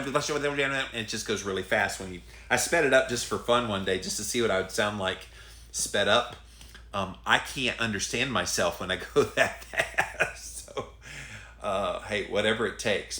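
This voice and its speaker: A middle-aged Southern man hosts a casual live stream and reads viewer comments in an earnest, chatty, drawn-out manner. His voice sits a little low but sounds bright. The room around him is echoey. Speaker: host.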